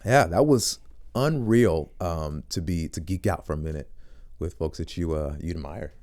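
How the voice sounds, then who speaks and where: A young man telling a story in a casual interview, animated and acting out what people said. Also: normal speed. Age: young adult. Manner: animated, acts out quotes in high squeaky voices. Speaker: voice actor guest.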